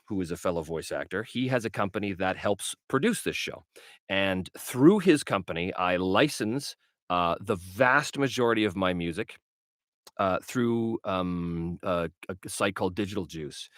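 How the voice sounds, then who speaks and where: A man's voice: deep voice, dry recording, studio quality. A man hosting a casual livestream, chatting and answering viewer questions with lots of fillers. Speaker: livestream host and game master. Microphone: webcam livestream setup.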